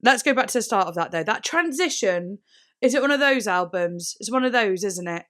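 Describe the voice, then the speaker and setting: A woman hosting a casual music reaction, excitable and rambling, with lots of "like" and sudden gasps. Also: mid-range voice, fairly quick. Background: faint music playing.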